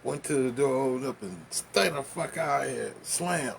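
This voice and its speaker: A man tells a profane story slowly and casually, with a gravelly, low-set voice. He laughs often and mimics sounds as he talks. A faint hiss of background noise sits under the voice. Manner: profane, laughing, animated anecdote with sound effects.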